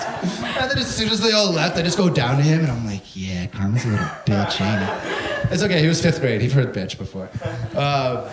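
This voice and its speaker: A young man doing a stand-up comedy set, telling stories animatedly and swearing a lot while he acts out the people in them. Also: a little high. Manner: animated storytelling, heavy swearing, acts out characters. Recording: echoey room with live audience. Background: audience crowd.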